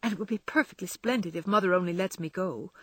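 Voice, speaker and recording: A woman voicing a gentle, weary young woman who is the older sister, speaking softly and pleadingly. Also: fairly low pitch, quick pace, dry recording. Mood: eager. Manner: soft, tired and pleading.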